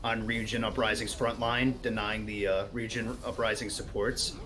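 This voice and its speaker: A man's voice: lowish voice, level tone, normal speed, pushed and bright, slight background noise. A man giving live esports color commentary and explaining team tactics like a coach. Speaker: esports analyst caster.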